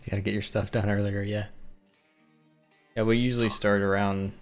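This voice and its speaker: A man playing a tabletop game, easygoing and quick to laugh. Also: lowish voice, flat delivery, faint music behind. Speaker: player. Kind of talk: casual tabletop play.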